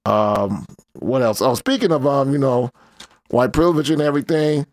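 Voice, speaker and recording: Man, casual commentary, rambling slangy talk, mid pitch, dry room. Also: lively intonation, moderate pace, darkish tone, dry recording. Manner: laid-back slangy rambling, many fillers. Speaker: host.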